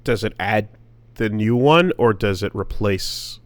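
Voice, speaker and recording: A man's voice: on the low side, expressive, a little slow, no room sound. A man co-hosting a podcast who asks short questions and thinks aloud with hesitations. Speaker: podcast co-host. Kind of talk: casual chat.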